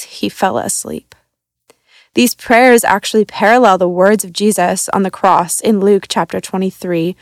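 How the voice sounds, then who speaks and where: A woman's voice: mid-range voice, no echo. A young woman from a church staff reading a devotional in an earnest, reflective way. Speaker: church creative arts coordinator.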